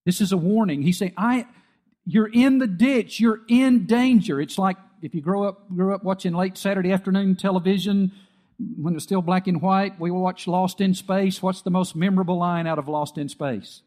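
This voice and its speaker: A man's voice: high-pitched, steady tone, a little fast, darkish tone. A middle-aged man preaching a sermon as pastor, telling stories with acted-out quotes and emphatic peaks.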